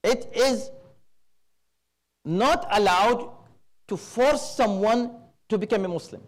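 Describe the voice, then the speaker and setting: A man preaching at a religious gathering, speaking in a measured, emphatic way and weaving Arabic terms into his lecture. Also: sits high. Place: Islamic center hall.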